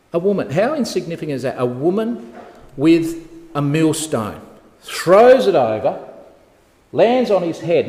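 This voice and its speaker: A man preaching a lively Bible talk, telling the story and quizzing the congregation. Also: a little high. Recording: echoey hall reverb.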